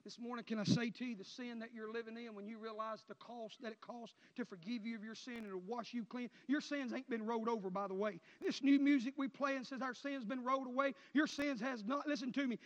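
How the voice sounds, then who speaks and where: High-voiced preacher, shouting and murmuring. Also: male voice, fairly even intonation, fast talker, hardly any pauses. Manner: impassioned preaching, swinging from shouts to low murmurs. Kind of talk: sermon. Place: church sanctuary. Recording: muffled sound with long hall reverb.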